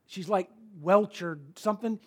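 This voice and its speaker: Casting: male pastor, high-pitched voice, conversational emphatic sermon delivery. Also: a little slow. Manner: conversational, emphatic preaching with repeated key words.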